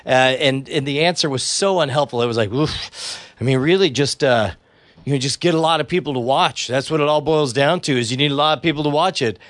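Halting, thoughtful man, dry sound. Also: mid-range voice, fairly bright tone, no room sound. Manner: thinking aloud, halting restarts. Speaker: podcast co-host. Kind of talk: casual chat.

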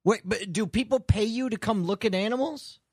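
A man's voice: high voice, fairly quick, a little mellow, no room sound, clean studio sound. A man playing a bumbling, giggly sidekick detective who stammers and slips in crude jokes. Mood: scheming. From Wisconsin. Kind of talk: improvised comedy role-play.

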